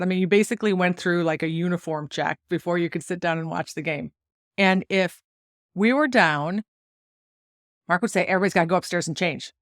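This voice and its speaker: A woman in her forties from the United States, hosting a solo podcast and telling stories in a chatty, lively way with frequent laughs. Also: fairly low pitch, no echo, studio quality. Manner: chatty, animated storytelling with laughs. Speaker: podcast host and golf coach.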